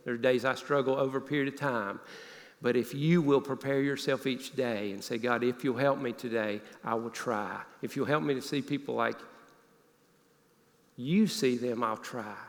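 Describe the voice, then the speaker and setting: A man preaching a sermon, telling a personal story in an earnest voice that often drops low and quiet. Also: steady tone, moderate pace. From Northeast Alabama. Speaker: pastor. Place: church sanctuary. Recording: long hall reverb.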